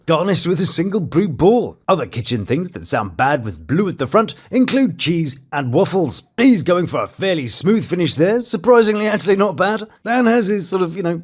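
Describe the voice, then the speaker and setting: A man with a slightly raised pitch and a husky edge, commenting on reality TV with mocking asides and cheeky jokes. His voice jumps all over the place as he riffs. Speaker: reality TV reviewer. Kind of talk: sarcastic commentary over clips.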